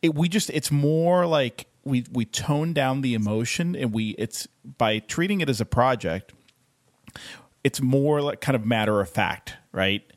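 A man in casual conversation, speaking haltingly with many restarts and telling a personal story. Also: medium pitch, no echo, clean studio sound.

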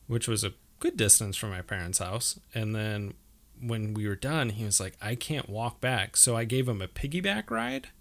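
Lively podcast co-host. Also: mid-range voice, normal speed, vocal fry. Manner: animated storyteller, easygoing. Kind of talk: casual movie rewatch chat.

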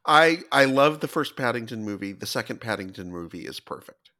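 A man's voice: mid-range voice, lively intonation, a little fast, pushed and bright. A man co-hosting a podcast, chatting casually and enthusiastically with a playful edge. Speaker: podcast co-host. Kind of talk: casual chat.

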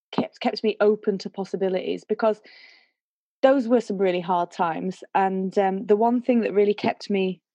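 A woman's voice: medium pitch, dark tone, no room sound, lo-fi sound. A woman, a singer, telling a personal story in a reflective, emotional way. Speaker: guest singer. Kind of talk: conversational storytelling.

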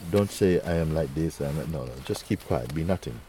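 A male spiritual teacher speaking to a listener in a gentle, playful way, laughing often and using nonstandard English grammar. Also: a bass voice, animated, a little fast, slight background noise. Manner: gentle, playful, laughs often, repeats "you see" and "huh".

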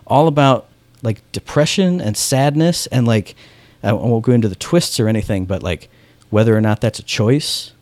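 In a dry recording, a podcast host with a medium-pitched, darkish voice speaks at a moderate pace. His chat is casual and enthusiastic, sprinkled heavily with "like," and he acts out the dialogue as he tells stories.

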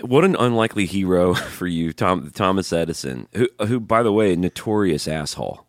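A man's voice: deep voice, expressive, moderate pace, no echo, studio quality. A man in his forties chatting casually on a podcast, joking loosely and swearing. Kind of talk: casual chat.

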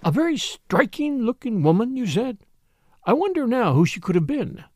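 A scheming, effusive society lady, put on by a male reader in a storybook reading. She talks high and fluttery, with swooping, animated pitch. The sound is close and dry. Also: normal speed, dry recording, exaggerated voice. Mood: gushing. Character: gushing scheming society lady, middle-aged.

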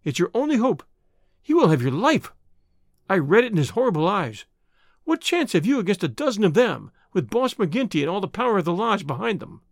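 A man's voice: high-pitched, big pitch swings, brisk, vocal fry, dry recording, studio quality, exaggerated voice. A man reading a story aloud, voicing a frightened young woman who pleads with her lover. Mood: desperate. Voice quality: breathless, imploring.

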